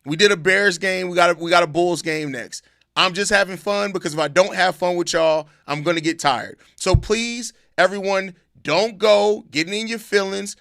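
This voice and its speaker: Clean studio sound and a dry recording capture a man whose voice sits high, speaking at normal speed as he hosts a laid-back live stream. He reads chat from viewers out loud and replies, animated and frequently swearing with mock outrage while repeating questions back.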